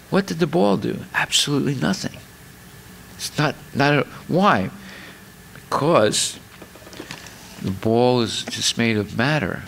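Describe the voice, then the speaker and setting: A man's voice: medium pitch, vocal fry, a bit bright. A man giving a spiritual lecture, explaining in a chatty way with many fillers and repeated words, and acting out little scenes with exclamations. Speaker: speaker giving a scripture class.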